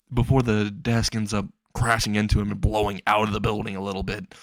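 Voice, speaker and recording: A man casually narrating an improvised fan-fiction story, rambling and excitable, swearing freely and briefly voicing the characters. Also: fairly low pitch, no room sound.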